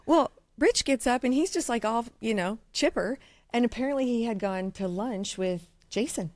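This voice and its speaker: A woman's voice: a little high, animated, a little mellow, no room sound. Blunt, profane woman spinning a story. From Iowa, USA. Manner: blunt, profane, fast-talking anecdote teller. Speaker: diamond dealer, guest. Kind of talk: casual podcast storytelling.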